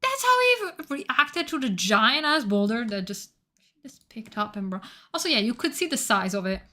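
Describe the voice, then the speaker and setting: A woman streamer chatting casually on a live stream, excitable and profane, rambling while she searches her notes. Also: fairly high pitch, moderate pace.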